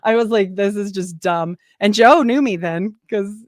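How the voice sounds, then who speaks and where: In a medium-pitched voice at normal speed, the woman, a nurse and podcaster in her forties, shares stories in a relaxed interview, animatedly voicing what other people told her. Sound is studio grade and echo-free.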